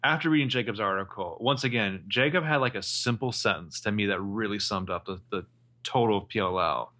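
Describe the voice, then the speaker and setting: Bright-voiced man in casual chat. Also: on the low side. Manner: chatty, laughs often, quick asides. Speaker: podcast co-host.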